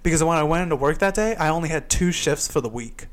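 A man's voice: a little high, lively intonation, quick pace. A young man hosting a podcast, telling a heated story full of cursing. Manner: profane, heated retelling with loud quoted outbursts. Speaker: podcast host. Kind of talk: casual chat, storytelling. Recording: poor laptop recording.

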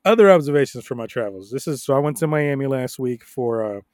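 A young adult man tells rambling stories on a casual podcast. He swears freely, laughs often and gets loud and animated. His middle-pitched voice is recorded close up on a dry mic. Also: fast, no room sound. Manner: profane, animated storytelling with laughs. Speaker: podcast co-host.

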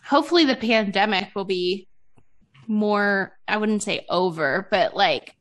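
A woman's voice: medium pitch, lively intonation, a little slow, a bit bright. A woman in her thirties hosting a podcast, chatting casually, laughing often and peppering her talk with "like". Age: 30s. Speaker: podcast host. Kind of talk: casual chat.

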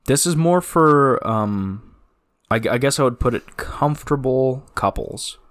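Male podcast co-host with a lively, swooping delivery, casual and profane. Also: mid-range voice, unhurried. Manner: animated, with cartoonish sound effects and cursing. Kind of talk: casual chat.

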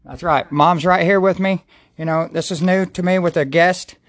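High-voiced man praying earnestly on a podcast. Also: steady tone, moderate pace. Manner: rambling and earnest, with many restarts. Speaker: podcast host. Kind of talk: casual faith podcast with prayer.

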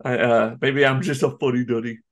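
Casting note: man, casual podcast co-host, rambling and animated, mid pitch, swears freely. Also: fairly quick, creaky. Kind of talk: casual chat.

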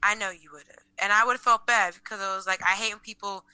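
A woman's voice: mid-range voice, fairly even intonation, fast, pushed and bright, clean tone, no room sound, low-quality recording. A young woman co-hosting a podcast in casual chat, teasing and blunt, cursing casually. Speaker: podcast co-host.

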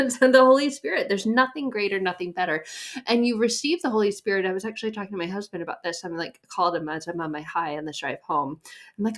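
A young woman hosting a faith podcast, chatty and animated, a little short of breath from her pregnancy. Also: mid-range voice, fairly quick. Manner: chatty, animated, acts out quoted voices. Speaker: podcast host.

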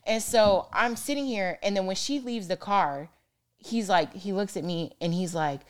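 A young adult woman co-hosting a podcast, telling a story in casual, profane, animated chat. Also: medium pitch, normal speed. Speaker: podcast co-host.

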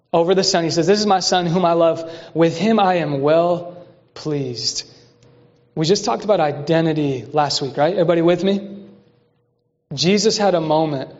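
A man with a high voice preaching as pastor, energetic and leading the congregation in call and response. His words ring out with a long reverb through a large church hall. The recording sounds muffled and lo-fi. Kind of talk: sermon.

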